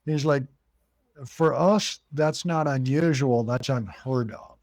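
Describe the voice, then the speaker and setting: A man's voice: medium pitch, unhurried, darkish tone, no room sound. Dry-miked man telling a story. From United States. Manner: retells conversations, acting out quoted voices. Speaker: haunted cabin owner and guest. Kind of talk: animated storytelling interview.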